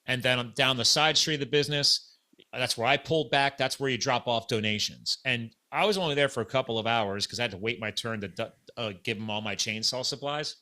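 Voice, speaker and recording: A man's voice: mid-range voice, fairly quick. A middle-aged man hosting a podcast, telling a story in casual chat and acting out the quoted dialogue. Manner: animated, acts out quoted dialogue. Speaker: podcast host.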